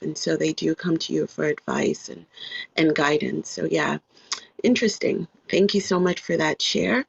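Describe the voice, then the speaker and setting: A woman hosting an online audio room, reflective and slow-spoken, with many fillers. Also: low-pitched, gravelly, husky, no room sound, lo-fi sound. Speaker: host.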